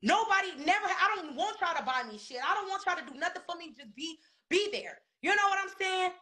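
Woman venting in an interview, high bright voice, swears a lot, repeats herself for emphasis. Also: animated, fairly quick. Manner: heated, profane, emphatic; repeats words for stress. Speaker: reality TV cast member interviewed.

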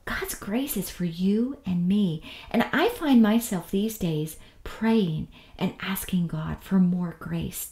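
Woman Bible teacher, slow and mellow, soft whispery devotional delivery, echoey room. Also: medium pitch.

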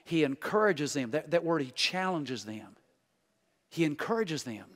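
A male guest preacher giving a revival sermon, folksy and joking, swinging from loud exhortation to hushed intensity. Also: a little high, sing-song, unhurried.

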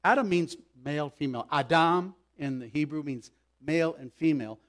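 A man preaching a sermon as pastor, emphatic, swinging between loud pleas and hushed asides. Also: fairly high pitch, moderate pace.

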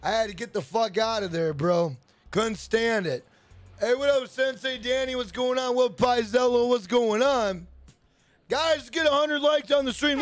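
Male streamer, very high voice, dry close sound, swears constantly, chatty storyteller. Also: normal speed, no echo, soft background music. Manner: profane, rambling storyteller greeting chat by name. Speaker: livestream host. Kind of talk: casual livestream chat.

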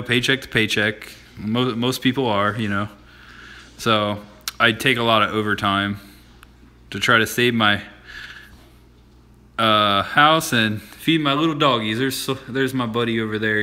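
Bright-voiced man rambling on a home livestream. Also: mid-range voice. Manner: rambling, friendly, self-deprecating. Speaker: livestream host. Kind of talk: casual live-stream chat.

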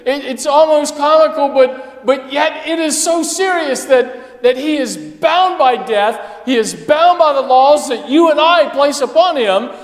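A male pastor preaching a sermon with passion, dropping to a hush and then rising to loud emphasis. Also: extremely high pitch, a little slow, few pauses. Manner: impassioned preaching, swinging between hushed and loud. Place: church sanctuary. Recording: echoey church hall.

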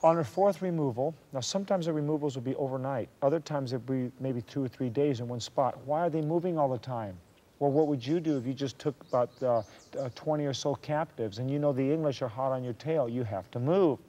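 A man's voice: mid-range voice, brisk, mellow. A man telling a historical story from a Christian view, earnest and given to preachy asides to his listeners.

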